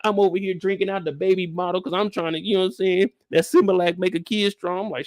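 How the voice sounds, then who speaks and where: A man's voice: high voice, steady tone, fast talker, a little mellow, no room sound, studio quality. A young man hosting a live after-show discussion, telling loose, profane, rambling stories. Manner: loose, profane, storytelling riffs. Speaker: show host.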